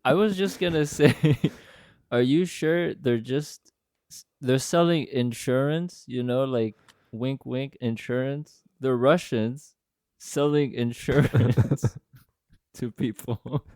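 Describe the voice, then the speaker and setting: A man's voice: mid-range voice, slow, darkish tone, no room sound, clean studio sound. A man co-hosting a casual podcast, joking, laughing often and acting out the people in his stories. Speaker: podcast co-host. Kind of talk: casual chat.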